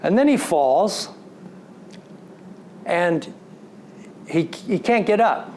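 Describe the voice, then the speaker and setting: A man giving a storytelling lecture to an audience, recounting a personal story in an animated way and slipping into quoted dialogue. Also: high voice, drawn-out words, slight background noise. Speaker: story coach.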